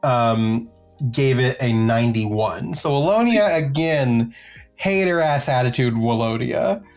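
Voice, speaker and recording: A man's voice: medium pitch, animated, takes it slowly, darkish tone. A man co-hosting a music podcast, casually reading out chart positions with lots of filler and joking asides. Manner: jokey, rambling, many filler ums. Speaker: podcast co-host.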